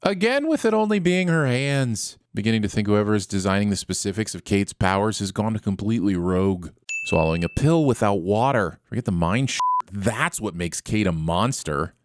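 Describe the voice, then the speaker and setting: A man's voice: on the low side, brisk, noisy background. A man narrating a comedic review show, riffing sarcastically and with mock outrage. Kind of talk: comedic voice-over commentary.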